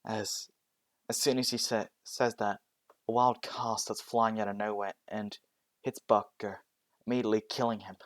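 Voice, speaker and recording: A man's voice: on the low side, no room sound. A man narrating a fan story casually, hesitant, often restarting with fillers.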